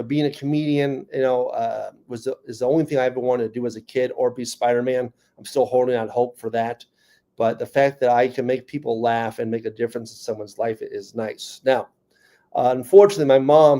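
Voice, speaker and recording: A man's voice: mid-range voice, mellow. A man in his fifties with a New York accent, a comedian and speaker joking and telling his own story to a conference audience. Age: 50s. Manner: joking, then earnest and personal. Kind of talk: stand-up comedy talk at a conference.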